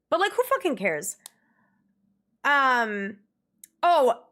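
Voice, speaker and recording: Chatty young woman streamer, animated. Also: sits high, measured pace, long pauses. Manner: animated, exasperated ranting with laughs. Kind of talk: casual livestream chat.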